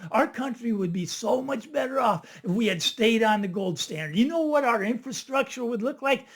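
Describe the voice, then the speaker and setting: Man, very high voice, casual to-camera monologue, animated, chatty. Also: normal speed. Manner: animated, chatty, keeps asking "right?". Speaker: finance video host.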